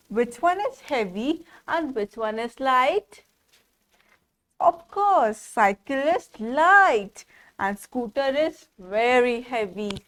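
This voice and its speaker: A woman teaching small children, repeating words in a slow, sing-song way and asking them questions. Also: high-pitched. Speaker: preschool teacher. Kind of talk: classroom lesson for small children.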